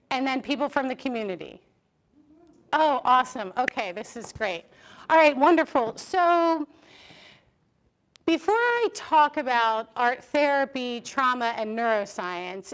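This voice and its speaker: A woman with a high voice gives a public lecture on a stage. She talks in a chatty, lively way and keeps turning to the audience with questions. Now and then she drifts off the microphone. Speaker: art therapy professor giving a lecture. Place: lecture hall with live audience. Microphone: stage microphone, sometimes moving off it.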